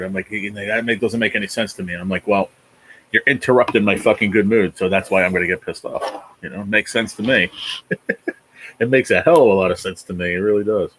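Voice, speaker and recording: A man's voice: fairly low pitch, brisk, a bit bright, slightly rough, poor audio. A man in his forties from New Jersey, hosting a rambling, profane livestream chat with viewers. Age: 40s. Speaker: livestream host. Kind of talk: casual chat reading viewer comments.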